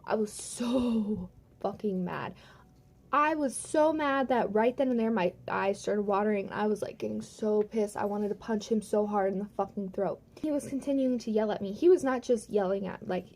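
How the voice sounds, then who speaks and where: A woman's voice: mid-range voice, a little fast, hardly any pauses, darkish tone. A young woman vlogging a storytime from home, retelling events heatedly with lots of swearing and "like". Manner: profane, heated retelling full of "like". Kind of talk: storytime vlog.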